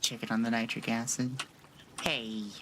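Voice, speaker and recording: A man's voice: mid-range voice, little pitch movement, a little slow. Playful man streaming a game. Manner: playful, jokey, talks to himself. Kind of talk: casual gameplay commentary. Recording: keyboard clicks and noise behind. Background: keyboard typing.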